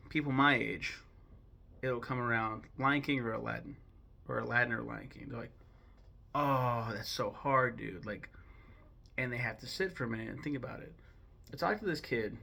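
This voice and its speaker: Young man, gravelly mid voice, casual opinionated film commentary, digressive. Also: mid-range voice, fairly bright tone. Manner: chatty, digressive, many ums and self-corrections. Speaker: host ranking films.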